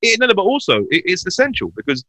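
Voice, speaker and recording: A man's voice: rapid-fire, dry recording, rough recording. A man, a podcast guest telling comedic stories in casual chat. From Hounslow, West London. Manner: animated, swings in pitch while telling anecdotes. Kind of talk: lively storytelling chat.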